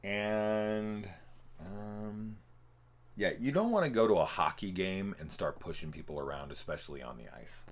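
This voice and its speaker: A young man with a very low, deep voice talks through a film in a loose, rambling way. He swears freely and peppers every thought with "like" and "um". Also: lively intonation, unhurried. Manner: rambling, profane, full of "like". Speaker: film reviewer. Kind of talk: casual movie review commentary.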